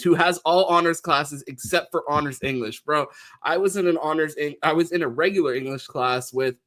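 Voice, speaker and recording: A young man co-hosting a sports podcast, telling school stories in a casual, animated way and laughing often. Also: fairly high pitch. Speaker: co-host.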